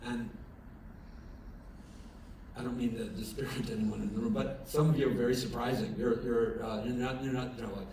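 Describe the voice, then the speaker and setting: A man's voice: medium pitch, normal speed, pauses often. A man giving a chapel sermon as pastor, talking conversationally with many fillers and restarts and growing emphatic as he tells a story, recorded from a distance in a chapel. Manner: grows lively and emphatic when telling a story. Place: chapel at an evening service. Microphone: distant from the recording mic. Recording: very echoey chapel from far off, room noise.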